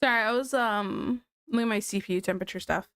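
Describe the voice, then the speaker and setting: A woman's voice: mid-range voice, fast, a bit bright. A woman livestreaming and chatting casually with her viewers, talking in a scattered way and laughing often.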